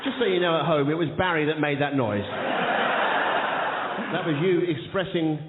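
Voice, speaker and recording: A man from the south of England hosting a live comedy chat show, firing off puns and joking with the audience. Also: fairly high pitch. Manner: rapid-fire punning, playful, shouts to the crowd. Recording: echoey hall on a tinny, noisy radio recording.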